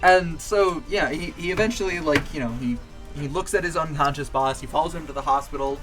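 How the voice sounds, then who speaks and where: Man, streamer, rambling long joke, lots of fillers, slightly high voice, faint music behind. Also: fairly quick. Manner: rambling, many fillers and restarts. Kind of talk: casual joke telling. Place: home streaming setup.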